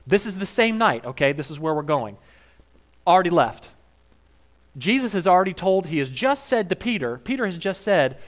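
A male pastor preaches in a conversational, wry style, retelling scenes with humor and shifting between quiet and emphatic moments. His voice sits high and is very animated, at a normal pace.

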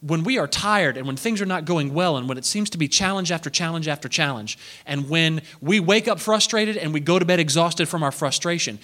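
A man preaching a sermon, animated and acting out the voices of the people he quotes. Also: a little high.

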